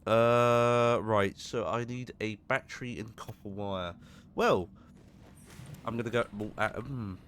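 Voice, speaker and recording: A man's voice: mid-range voice, fairly even intonation, takes it slowly, fairly bright tone, clear, resonant tone. A man giving casual gameplay commentary, chatty and jokey, swearing when startled. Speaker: gaming streamer.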